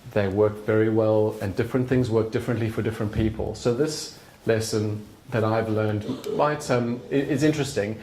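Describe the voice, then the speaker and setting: A man's voice: on the low side, a little mellow, a little hiss or hum. A middle-aged man giving an earnest, conversational talk at an evening event in a bar's function room. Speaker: speaker. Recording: roomy live venue sound.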